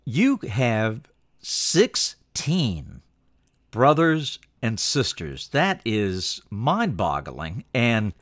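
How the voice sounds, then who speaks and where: A man's voice: medium pitch, huge pitch swings, extremely slow, a bit bright, dry recording, studio quality. A man hosting a podcast, interviewing a guest with polished broadcaster delivery.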